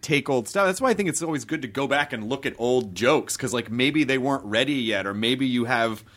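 A man hosting a casual chat among comedians, talking quickly and rambling with many restarts. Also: mid-range voice, lively intonation, fairly bright tone. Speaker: podcast host and comedian.

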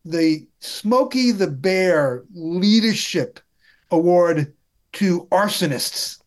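A man talking politics in a casual chat, wry and halting, with many restarts. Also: high-pitched, animated.

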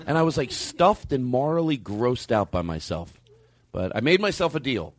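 A man hosting a comedy podcast, telling stories in a loose, profane, animated way that swings between loud and quiet. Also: mid-range voice, moderate pace. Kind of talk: casual comic storytelling.

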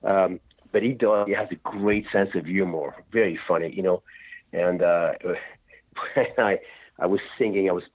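Husky low-voiced man on a phone line. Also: a little slow. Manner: rambling, animated storytelling with restarts. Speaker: rock singer guest. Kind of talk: phone interview.

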